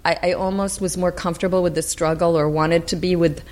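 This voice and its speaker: A woman guest in a casual podcast interview, speaking reflectively and haltingly with many fillers. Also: lowish voice, fairly even intonation, darkish tone.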